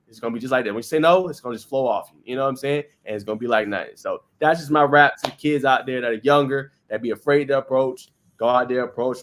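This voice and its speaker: Male podcast host, mid-pitched voice, playful and conversational, casual chat. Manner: playful, conversational, peppered with "you know what I'm saying".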